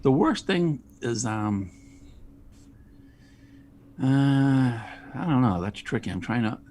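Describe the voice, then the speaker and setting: A man, a guest on a podcast, telling jokey, animated stories in casual chat. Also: mid-range voice, slow, slight background noise. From Charlestown, Boston area. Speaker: guest, ice cream truck driver.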